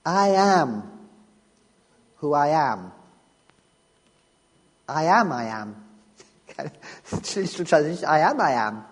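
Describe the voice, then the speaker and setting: A man's voice: fairly high pitch, very animated, slow pace, pauses often, slightly rough. A man preaching a sermon on scripture, emphatic and repeating key phrases as he restarts his sentences. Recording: long reverb of a large hall.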